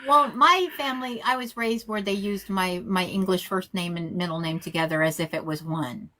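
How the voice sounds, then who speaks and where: Woman, sardonic, quick comebacks, Yiddish slang, bright voice. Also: fairly low pitch. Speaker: rabbi and co-host. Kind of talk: casual chat.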